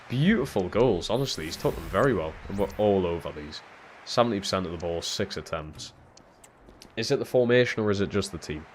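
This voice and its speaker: With a lowish voice and faint hiss behind him, a young man streams a football video game live. His commentary is mostly mumbled, punctuated by cursing and shouts when big moments hit.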